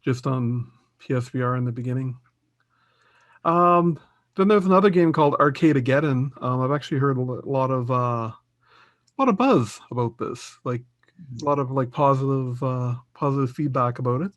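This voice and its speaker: A man's voice: medium pitch, normal speed, dry recording. A man co-hosting a casual gaming podcast, rambling with many fillers and chuckles. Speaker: podcast co-host. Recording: dull, dry podcast audio.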